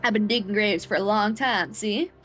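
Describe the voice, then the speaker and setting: A woman reading as a calmly offhand gravedigger. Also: medium pitch, normal speed, faint music behind, lightly acted. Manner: offhand, reasonable-sounding, eerily empty. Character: offhand cheerful female gravedigger, calmly burying a friend.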